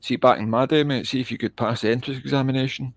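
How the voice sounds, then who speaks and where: A man's voice: medium pitch, fairly even intonation, fast, dry recording. Glaswegian man, blunt and chatty. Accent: Glaswegian Scottish. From Scotland, east end of Glasgow. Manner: blunt, swears, says "mate" often. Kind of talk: casual chat.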